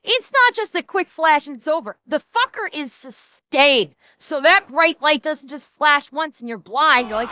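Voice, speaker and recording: A woman streamer reacting to a video with animated commentary, swearing freely and laughing often. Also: high-pitched, a little slow, a little hiss or hum.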